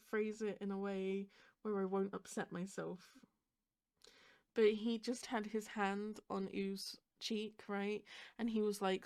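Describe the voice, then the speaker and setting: Woman doing a reaction vid, rambly and emotional, medium pitch, laughs a lot. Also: a little mellow. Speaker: reaction video host. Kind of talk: casual reaction commentary.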